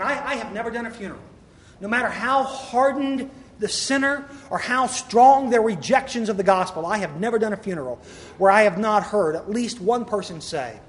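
A man's voice: high voice, animated, fairly quick. A man preaching a sermon as a pastor, emphatic and full of rhetorical questions, speaking in a church sanctuary. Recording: echoey hall, faint room ambience.

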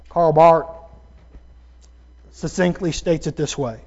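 In this sermon, a pastor with a high, light voice calls his congregation "folks" and leans on emphatic, drawn-out stresses. The recording is dull and lo-fi.

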